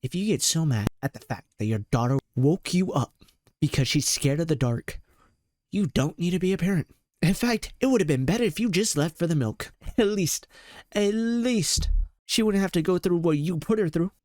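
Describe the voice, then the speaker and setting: A man's voice: high voice, lively intonation, moderate pace, a little mellow, dry recording. This is a young man hosting a reaction commentary. His voice leaps all over its range as he rants in disbelief and swears freely. The recording is dry and close to the mic. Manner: exasperated, profane, slangy rants. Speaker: commentary host.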